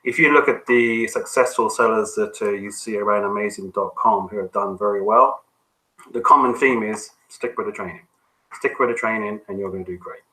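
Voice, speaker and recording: Lower, bright-voiced male coach. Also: brisk, rough recording. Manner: relaxed, conversational, frequent ums and restarts. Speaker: business coach. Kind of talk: coaching call, answering questions.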